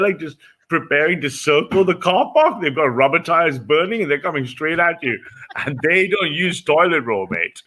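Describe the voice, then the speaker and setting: A man's voice: fairly high pitch, background noise. A man hosting a reaction show, talking in a casual, profane and mocking way with frequent laughter.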